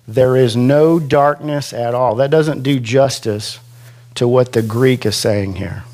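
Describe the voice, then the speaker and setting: A man preaching a sermon as pastor in a church classroom, chatty and self-deprecating, slowing down to stretch out quoted scripture for emphasis. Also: medium pitch, a little mellow. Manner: slow, conversational preaching with self-deprecating asides.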